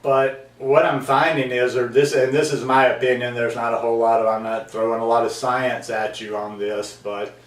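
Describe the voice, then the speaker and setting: A man's voice: medium pitch, flat delivery, normal speed, few pauses, roomy sound, distant mic. A man hosting his own video blog, talking earnestly to camera in a rambling way with many ums and restarts. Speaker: vlog host. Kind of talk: casual talking-to-camera monologue.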